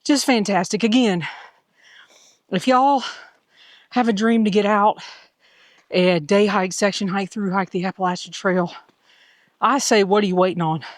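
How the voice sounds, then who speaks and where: A woman's voice: mid-range voice, unhurried, pauses often, no room sound. Upbeat folksy woman hiker, dry sound. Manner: enthusiastic, folksy, repeats "fantastic"; chatty, addresses viewers as y'all. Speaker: hiker vlogging a long-distance trail. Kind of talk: casual trail vlog to camera. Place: outdoors on a mountain trail.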